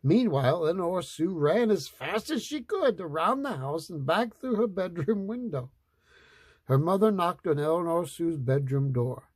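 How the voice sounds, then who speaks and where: A man reading a picture book aloud, slow, playful and expressive. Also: on the high side, no room sound. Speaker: storyteller.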